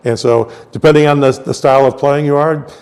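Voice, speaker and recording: A man's voice: mid-range voice, steady tone, a little fast, darkish tone, clear, resonant tone. A middle-aged man from the United States, explaining instrument designs as a trumpet specialist in a patient, step-by-step way and often checking in with his listener. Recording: reverberant room with long echo.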